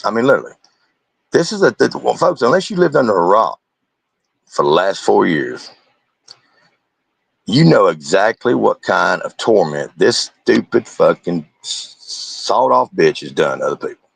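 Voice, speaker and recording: A man's voice: on the low side, very animated, normal speed, creaky, slightly rough, no echo. Sarcastic guy streamer, swoopy voice that jumps all over, dry close sound. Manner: mocking, sarcastic, crude. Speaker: commentary streamer. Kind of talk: profane reaction commentary.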